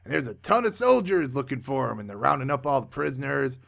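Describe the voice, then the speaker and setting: A man giving a sarcastic comic recap of a movie, with deadpan asides. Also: medium pitch, quick pace, vocal fry. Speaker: movie reviewer.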